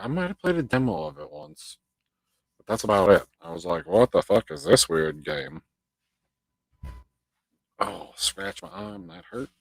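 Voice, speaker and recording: A man with a lowish voice hosts a live stream, chatting casually with viewers and reading their comments aloud. He swears freely and drifts into rambling rants, and the recording is low quality with no room sound.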